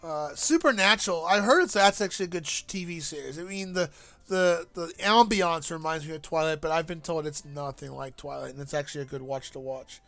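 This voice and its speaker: Chatty, higher-voiced man streaming a game. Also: creaky, fairly bright tone, no room sound. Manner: rambling, jokey, halting restarts. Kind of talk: casual gameplay commentary. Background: faint game music.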